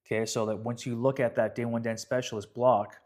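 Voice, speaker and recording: Man giving a halting members update. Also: medium pitch, flat delivery, a little mellow. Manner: hesitant, with fillers and repeated words. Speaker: fitness coach presenting member updates. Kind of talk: casual explanatory update to members.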